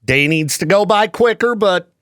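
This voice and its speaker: Male morning radio host, lively swooping delivery, joking, dry studio mic. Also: high voice, moderate pace, dry recording. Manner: animated, joking, laughs often. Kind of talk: casual morning radio chat. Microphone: studio microphone.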